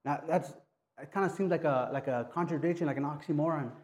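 A man preaching a conversational sermon, talking in a casual, halting way with many restarts and tag questions. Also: a little high, darkish tone. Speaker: pastor.

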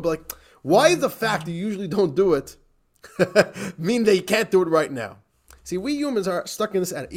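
Rabbi-teacher type: energetic man, lively swooping delivery, quick laughs, a touch higher-pitched. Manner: animated, laughs often, repeats for emphasis. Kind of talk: lively recorded class.

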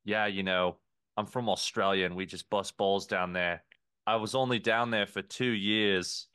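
A man's voice: fairly low pitch, steady tone, unhurried, clear, resonant tone, close to an everyday voice. A man voicing a young male waiter with a fake Australian accent, brash and overfamiliar in his banter. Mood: boastful.

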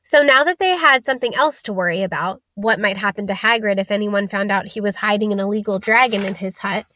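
A woman narrating a storybook aloud in a steady, plain reading manner. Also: medium pitch, a little fast, dry recording.

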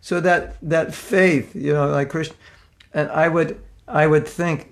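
A man preaching in a loose, conversational way, trading personal stories with self-deprecating humor. His voice sits a bit high for a man and has a gravelly, creaky texture. He stumbles and restarts often as he talks. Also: fairly even intonation, a little slow. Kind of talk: informal sermon with personal stories.

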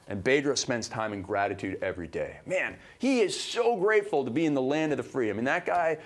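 A man from Canada talks through a motivational podcast with emphatic, fired-up energy. He sits at an ordinary, middle pitch and keeps pushing his points home. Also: sing-song, fairly quick. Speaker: podcast co-host.

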